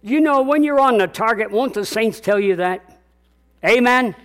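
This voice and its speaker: A man's voice: extremely high pitch, expressive, normal speed, a bit bright. An older man preaching a sermon as pastor, emphatic and repetitive, calling out to his congregation.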